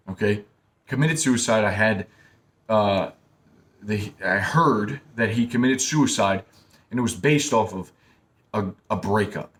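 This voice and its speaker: A young man with a mid-range, fairly bright voice talks straight to the camera, handing out casual, blunt self-help advice. He repeats himself a lot and keeps addressing his listeners as man and bro.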